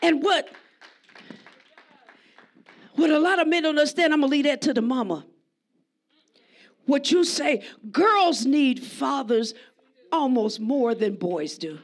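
A woman preaching a sermon, conversational and emphatic, often shouting out to the congregation. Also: high voice, expressive, a little slow, pauses often.

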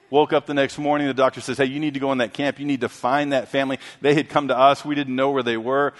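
A man preaching a sermon, telling a story and swinging from loud, emphatic lines to hushed ones. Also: mid-range voice. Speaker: pastor. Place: church sanctuary. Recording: long hall reverb.

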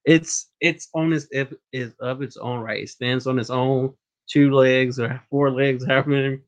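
Brief: easygoing male co-host, mid-pitched, chuckles a lot. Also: fairly even intonation, moderate pace. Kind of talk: casual chat.

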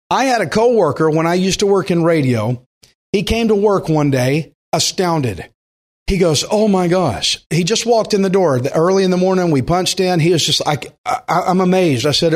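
A man preaching a sermon in an earnest, conversational way, slowing down to stress key points. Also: high voice. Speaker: pastor.

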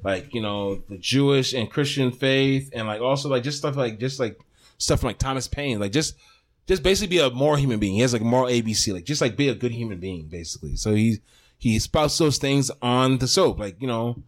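A man's voice: medium pitch, animated, brisk. A man co-hosting a podcast in casual chat, rambling and profane, laughing often. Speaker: podcast co-host.

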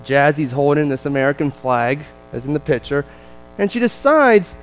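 A man with a New Jersey accent, a visiting missionary telling a lively, self-deprecating family story to a church congregation. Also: on the high side, normal speed, low-quality recording.

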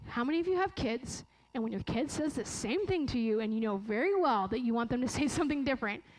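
A woman preacher giving a sermon in an earnest, slow and emphatic way, often correcting herself mid-phrase. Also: on the high side, expressive, poor audio.

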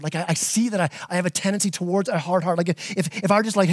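Male pastor, middle-aged, high voice, dry close sound, animated sermon delivery with repeated words. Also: fast, hardly any pauses, dry recording.

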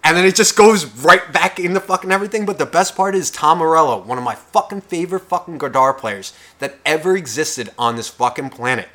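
A young man ranting on a casual podcast, his voice sitting a little high for a man. He curses through nearly every line and swings from hushed whispers to loud outbursts. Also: a little fast, hardly any pauses. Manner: profane, heated, swings between loud and whispering. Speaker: podcast co-host.

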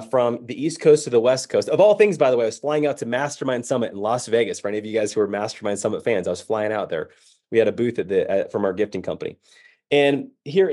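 A man delivers a motivational keynote as an animated storyteller. His voice sits at a middle pitch, and he acts out the people in his anecdote with real energy. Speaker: keynote speaker.

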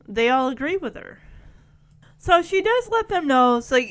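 High bright lady rambling thru a tv episode recap, super animated, laughing, right up on the mic. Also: moderate pace. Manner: animated, laughs often, acts out characters' lines. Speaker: video host recapping a TV episode. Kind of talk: casual chatty recap. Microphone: close desk microphone.

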